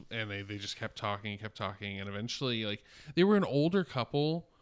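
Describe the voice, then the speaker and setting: A man's voice: on the low side, normal speed, clear, resonant tone. A man in his twenties co-hosting a podcast, telling rambling, profane stories full of fillers. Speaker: podcast co-host. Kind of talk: casual podcast chat.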